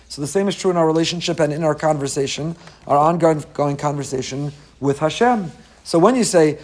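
A man gives a Torah class in a slightly raised, lively voice. He teaches with energy and often drops into quick acted voices for the people in his examples. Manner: animated, acts out quoted voices with rising pitch. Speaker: rabbi.

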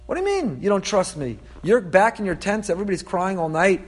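A man's voice: sits high, very animated, moderate pace. A man doing an exasperated, incredulous God. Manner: incredulous, emphatic rhetorical questions. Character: exasperated God scolding a faithless people.

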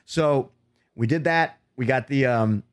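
A man's voice: medium pitch, normal speed, no room sound. Easygoing man with a mid-range voice. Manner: relaxed storyteller with fillers, laughs easily. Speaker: podcast co-host. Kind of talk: casual comedic chat.

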